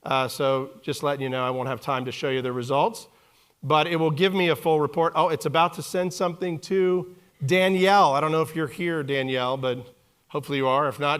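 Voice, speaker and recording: A man in his forties giving a live keynote talk on a conference stage, animated and joking with the audience. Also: a little high, clear, resonant tone. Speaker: keynote speaker.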